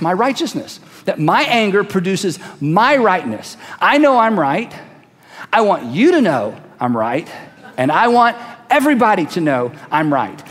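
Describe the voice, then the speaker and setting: A man's voice: sits high, a bit bright, big-room sound. A man preaching a sermon in a conversational, emphatic way, acting out quoted voices as he goes. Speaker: pastor.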